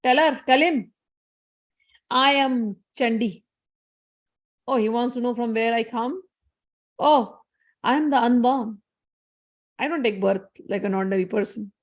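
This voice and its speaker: A woman voicing a proud warrior goddess. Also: a little high. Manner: slow, emphatic declarations. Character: proud warrior goddess declaring her power.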